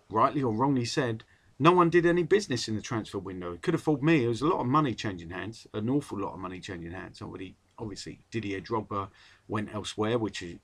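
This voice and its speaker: A man's voice: mid-range voice, fairly bright tone. A man rambling wryly through a casual solo football podcast as its host. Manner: chatty, rambling, wry.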